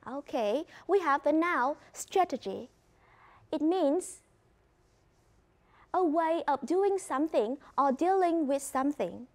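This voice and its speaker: High-voiced woman teaching a class. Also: expressive, slow, pauses often, darkish tone. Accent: Vietnamese. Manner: clear, instructive, mixes in explanations in her first language. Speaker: English teacher. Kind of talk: classroom lesson.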